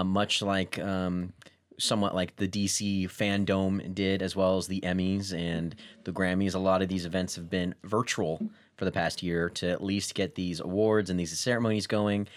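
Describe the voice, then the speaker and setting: A man's voice: low voice, level tone, normal speed, no echo. A man hosting a casual podcast with friends, teasing his guests as he introduces them. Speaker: podcast host.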